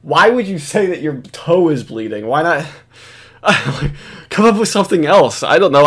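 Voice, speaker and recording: A man's voice: a little high, expressive, fairly quick, fairly bright tone, breathy edge. A man giving casual, profane commentary on a video, rambling and sarcastic with frequent restarts.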